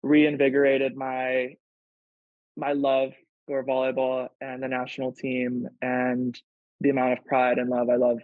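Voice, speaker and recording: A man's voice: mid-range voice, monotone, measured pace, dry recording. A man speaking as a podcast guest in casual conversation, earnest and emotional, with frequent "like" fillers. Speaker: podcast guest, pro volleyball player. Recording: dull lo-fi sound.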